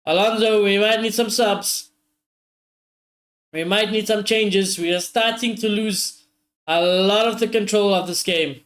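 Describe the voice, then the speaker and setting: A high-voiced man streams a live football watchalong. He reacts loudly to every chance, swears freely and keeps calling out to his viewers. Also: measured pace. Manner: excitable, swears often, talks straight to viewers.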